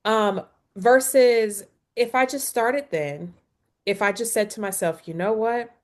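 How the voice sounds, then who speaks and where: A woman's voice: medium pitch, measured pace. Candid woman hosting a wellness webinar. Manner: candid, expressive, acts out dialogue. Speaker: webinar host, wellness professional. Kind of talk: casual webinar chat.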